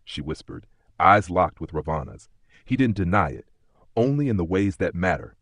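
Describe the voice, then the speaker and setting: A man narrates an audiobook in a measured, solemn voice, pausing often. His tone is low and husky, recorded dry and close. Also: expressive, no echo. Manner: measured, solemn, many pauses. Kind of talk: scripted narration.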